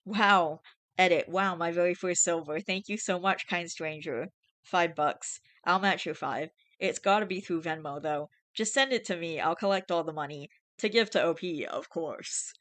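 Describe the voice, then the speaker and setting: A host reads online confessions aloud and drops in irreverent, freely sworn asides. The voice sits at a middle pitch. The sound is dry and close, with no room around it. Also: moderate pace, fairly bright tone, dry recording. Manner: chatty and irreverent, swears freely, laughs often. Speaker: channel host reading posts aloud. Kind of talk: casual reading of online confessions with commentary.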